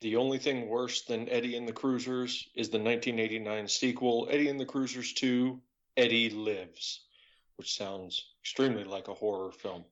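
A man on a podcast panel gets in blunt, joking quips. His voice is mid-pitched, and the line sounds a little dull. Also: steady tone, a little fast, few pauses. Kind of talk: casual podcast chat.

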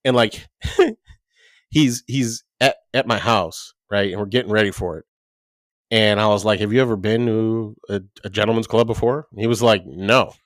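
A man's voice: lowish voice, moderate pace, no echo. A man co-hosting a podcast, telling long casual stories full of "like" and quoted dialogue, swearing freely. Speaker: podcast co-host. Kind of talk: casual storytelling chat.

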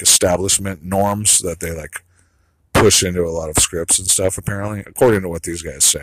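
A man's voice: sits low, breathy edge, no room sound, poor audio. A man delivering a rambling solo monologue, blunt and profane, trailing off into asides.

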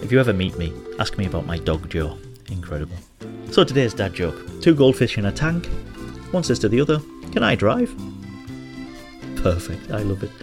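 A man with a Hartlepool accent hosts his own show, telling jokes and stories in a casual, chatty way. His voice sits fairly low and swings up and down with plenty of expression. Faint music plays behind him. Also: lively intonation, a little fast. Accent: Hartlepool English. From Hartlepool, England. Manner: jokey, chatty storyteller who laughs at his own jokes. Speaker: host. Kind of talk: casual monologue and storytelling.

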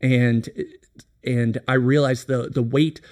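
Middle-aged guy on a business podcast, earnest and reflective, keeps restarting, average pitch. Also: little pitch movement, takes it slowly, a little mellow. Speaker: company president, podcast guest. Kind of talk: candid business podcast conversation.

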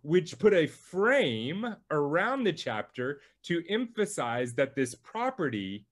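A male pastor preaching a sermon, teaching through a Bible passage with slow, emphatic delivery. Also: a little high, big pitch swings.

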